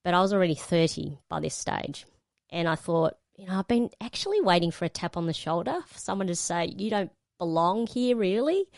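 A woman's voice: lowish voice, lively intonation, brisk, vocal fry, dry recording, clean studio sound. A middle-aged woman, a radio presenter telling a personal story as a guest and acting out the quoted lines. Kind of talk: storytelling in a panel conversation.

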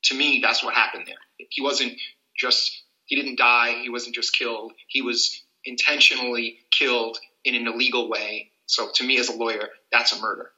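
Earnest man explaining legal rights, bright voice. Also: mid-range voice, moderate pace, roomy sound, muffled recording. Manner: earnest, animated explainer who acts out little scenes. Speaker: civil rights attorney, guest.

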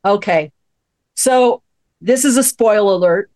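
A woman in her fifties, a psychologist hosting a radio talk show, telling a story in a lively, chuckling way. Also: mid-range voice, measured pace. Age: 50s. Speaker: host, psychologist.

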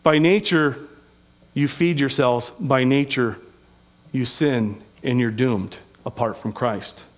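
A middle-aged male pastor with a medium-pitched voice preaches slowly. His sermon is earnest and conversational, sprinkled with folksy asides and humor.

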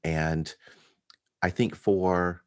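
A deep, low-pitched man speaking as a pastor in relaxed conversation. He reflects slowly, filling pauses with ums, then lifts his voice when a point matters to him. His speech has a calm, unhurried, searching quality. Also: clear, resonant tone. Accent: African American. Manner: thoughtful, pausing with many ums, rising with emphasis. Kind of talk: casual conversation about preaching.

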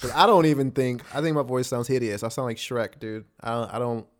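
A man's voice: mid-range voice, a little fast. A young man, co-hosting a podcast in casual chat, laid-back, laughing often and swearing casually. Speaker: podcast co-host.

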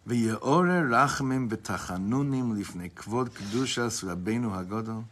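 A man teaching a class, reading passages slowly and retelling them with rising feeling, with casual asides and frequent restarts. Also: fairly low pitch, expressive, fairly bright tone, slightly rough. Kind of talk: storytelling lesson.

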